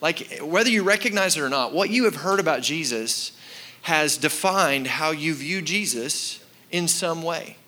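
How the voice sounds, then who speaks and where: A man's voice: fairly high pitch, lively intonation, unhurried, bright, forceful tone. A man preaching a sermon as pastor, speaking emphatically and repeating key lines while addressing the congregation directly.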